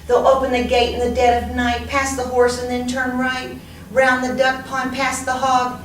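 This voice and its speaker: A woman voicing a small, clever ladybug, speaking in a high, urgent voice during a children's story reading. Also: monotone, normal speed, slight background noise, natural voice. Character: brave little female ladybug, quiet and clever. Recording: roomy echo from a distant mic.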